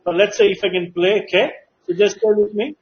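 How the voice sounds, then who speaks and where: A man's voice: high-pitched, fairly even intonation, fairly quick, noisy background. A man hosting an interview, asking questions in a rambling way full of fillers. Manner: rambling, many "like" and "you know". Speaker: talk show host. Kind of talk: casual interview chat. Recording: dull lo-fi audio.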